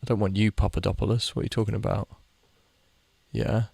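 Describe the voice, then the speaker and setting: A man's voice: lowish voice, brisk, vocal fry, warm tone, no room sound. A young man giving rambling, casual commentary while playing a game, swearing freely and chatting to the players on screen. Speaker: gaming video creator.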